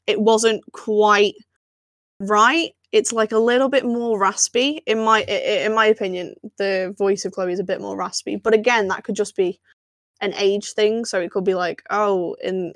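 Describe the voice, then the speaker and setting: A woman's voice: medium pitch, no room sound. Woman chatting on a podcast, laughs a lot, dry close sound. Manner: chatty, laughing often, lots of fillers. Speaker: podcast co-host. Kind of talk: casual chat.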